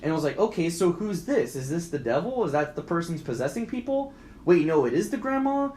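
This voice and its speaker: Young male co-host, fairly high voice, rambling and profane, echoey room. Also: sing-song, a little fast, a little mellow. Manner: rambling, profane, acts out quoted lines in a higher voice. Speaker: podcast co-host. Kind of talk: casual movie rant. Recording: echoey room with faint background noise.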